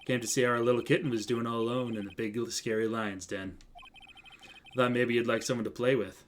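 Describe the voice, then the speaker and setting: A man voicing a suave, cocky male defense attorney mentor in a slow, low, smooth drawl while playing a game. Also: steady tone, a little hiss or hum, lightly acted. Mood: smug. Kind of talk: let's play voice acting.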